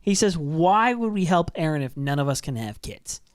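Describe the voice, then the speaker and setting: An anime podcast co-host in casual chat who laughs often and retells scenes excitedly. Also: mid-range voice, normal speed, dry recording, clean studio sound.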